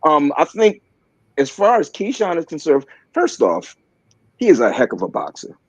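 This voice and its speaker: A man's voice: fairly high pitch, huge pitch swings, slightly rough, dry recording, lo-fi sound. A man with a Baltimore accent giving casual, joking sports opinions, full of fillers and restarts. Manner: halting, filler-heavy, joking. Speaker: panelist on a sports talk stream.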